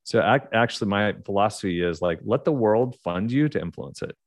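A middle-aged man with an Oklahoma accent speaks as a podcast guest, his voice sitting on the low side. He rambles through his stories, restarting sentences and leaning on fillers. The sound is dry and close to the mic. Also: expressive, fairly quick, no room sound. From United States. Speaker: podcast guest, leadership author. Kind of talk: casual interview storytelling.

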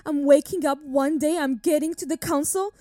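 A woman's voice: high voice, steady tone, moderate pace, mellow, no echo, close to an everyday voice. A woman playing a young woman imprisoned and accused of witchcraft, pleading and insisting on her innocence in an audio drama. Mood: anguished. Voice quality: tearful, pleading.

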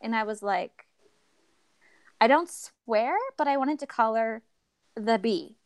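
A young woman with a slightly high voice recounts a personal story in an expressive, animated way. She acts out the people she quotes and laughs often. The recording is close and dry, with no room sound. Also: a little slow, clean tone, no echo. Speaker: podcast guest.

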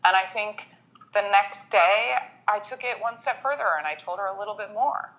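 Woman, bright clear tone, podcast guest, animated storytelling, acts out quotes. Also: medium pitch, moderate pace, low-quality recording. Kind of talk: casual interview chat.

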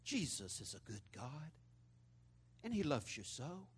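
A man voicing a solemn male radio preacher who speaks in a slow, measured, hushed pulpit tone. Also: on the high side, very animated, breathy edge, pitched below the performer's own voice, heavily acted.

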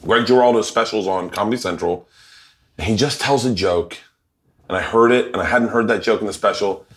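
A man in his forties who hosts a cooking show and tells loud, animated comic stories. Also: lowish voice, fairly quick. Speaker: podcast host and comedian. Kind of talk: comedic storytelling, casual chat.

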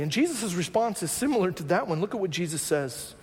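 A man preaches a sermon in a relaxed, conversational teaching style, often checking in with the congregation. His voice sits very high for a man. The sound carries the long reverb of a large church sanctuary. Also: fairly quick, hardly any pauses, husky. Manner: conversational teaching, frequent "right?" asides. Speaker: pastor.

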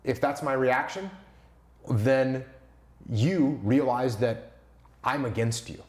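A man speaking forcefully in an interview, repeating his key points and acting out quoted lines. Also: medium pitch, slow, roomy sound. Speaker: guest, former Navy SEAL leadership author. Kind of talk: emphatic explanatory interview talk.

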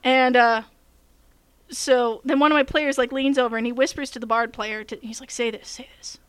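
Woman game master, casual storyteller, high clear voice, dry close sound. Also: steady tone, normal speed, no echo. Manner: rambling storytelling with fillers. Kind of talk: casual chat.

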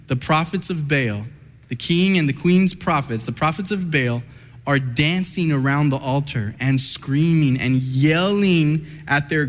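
A man preaching a sermon who retells a Bible story in an animated way and speaks directly to his listeners. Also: mid-range voice, in a large hall.

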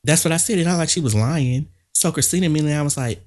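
A woman's voice: deep voice, quick pace, darkish tone. A woman co-hosting a casual gossip podcast, blunt and slangy as she tells the story. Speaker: podcast co-host.

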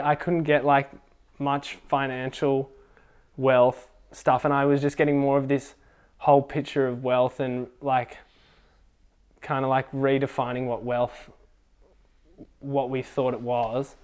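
A young man telling a faith testimony at a casual youth gathering, excitable and full of fillers. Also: medium pitch, clean tone. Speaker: youth group speaker.

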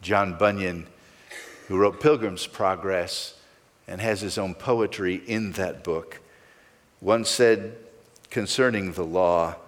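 A man's voice: lowish voice, big-room sound. A male pastor preaching a sermon, stressing key words with sweeping rises and falls.

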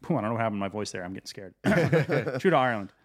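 Fast-talking sarcastic man. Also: fairly low pitch, lively intonation, husky. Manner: joking, sarcastic, swears freely. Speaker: podcast co-host. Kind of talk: casual chat, whiskey tasting.

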